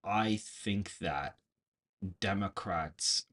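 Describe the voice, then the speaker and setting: A man's voice: low voice, extremely slow, fairly bright tone. A man hosting a political livestream, talking casually and rambling through a story with frequent restarts. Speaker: political show host. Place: bedroom.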